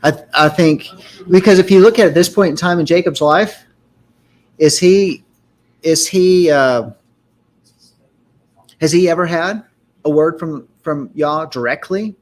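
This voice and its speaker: A man runs a group Torah study, explaining scripture and carefully sounding out Hebrew words in a measured, teacherly way. His voice sits a little high.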